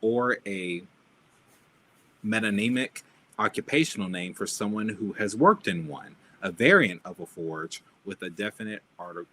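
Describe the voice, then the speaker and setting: A man with a lowish voice talks casually on a podcast, blunt and joking. His pitch swings widely as he gets animated. A faint hum of room ambience sits behind him. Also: normal speed. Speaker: podcast co-host. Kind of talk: casual chat.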